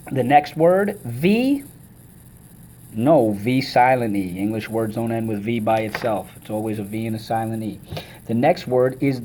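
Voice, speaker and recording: An energetic, enthusiastic man leads a vocabulary lesson, running call-and-response drills and chanting words syllable by syllable. His voice is mid-range, with slight background noise.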